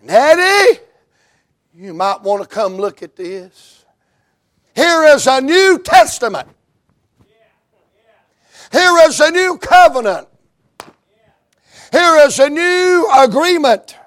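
A man voicing an excited young child who calls his father over to read a message. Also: very high-pitched, slow, long pauses, pitched above the performer's own voice, exaggerated voice.

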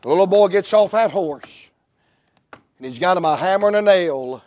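High-voiced preacher. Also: male voice, animated, moderate pace. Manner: storytelling, rising to shouts and sung phrases. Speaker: Baptist preacher. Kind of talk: revival sermon.

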